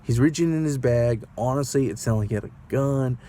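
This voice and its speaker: Male rideshare driver, vlog storyteller, mellow, rambly and nervous, rhetorical questions to camera. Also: medium pitch, fairly quick, a little hiss or hum. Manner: rambling, anxious, asks the viewer rhetorical questions.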